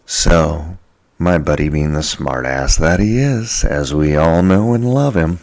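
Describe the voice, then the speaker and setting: A man's voice: extremely low pitch, unhurried, creaky, a little mellow. A man hosting a podcast, telling a casual story in a jokey way and acting out the people he quotes. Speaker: podcast host.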